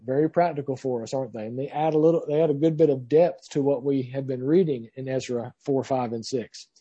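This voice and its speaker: Man, Bible teacher, husky mellow voice, reads scripture then explains with many fillers. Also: on the high side.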